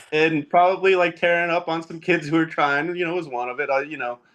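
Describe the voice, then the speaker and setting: A man's voice: fairly high pitch, fairly bright tone. A man in his thirties, a podcast guest, telling casual stories about fatherhood and gaming, laughing often as he talks. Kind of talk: casual storytelling.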